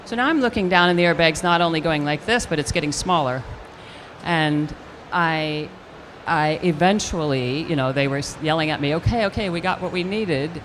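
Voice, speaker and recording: An older woman, an actress, telling a lively anecdote in an interview, acting out the quotes as she goes. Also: deep voice, normal speed, a little hiss or hum. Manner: animated storyteller acting out quotes with restarts. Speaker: actress guest.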